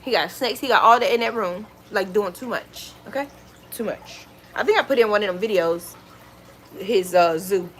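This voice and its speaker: A woman vlogger chatting casually at home, retelling stories in an animated, exclaiming way. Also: medium pitch, moderate pace, a little hiss or hum. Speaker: lifestyle vlogger. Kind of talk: casual storytelling chat.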